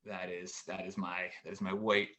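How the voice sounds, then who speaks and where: Performing a stand-up routine for a virtual show from his home, a low-voiced man in his 40s keeps his delivery deadpan and halting, pausing often.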